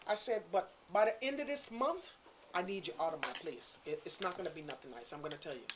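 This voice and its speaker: A woman's voice: fairly low pitch, fast, heavy background noise. A woman telling a story in casual chat, acting out the voices of the people in it. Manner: animated, acts out quotes, Caribbean-inflected English. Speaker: guest storyteller.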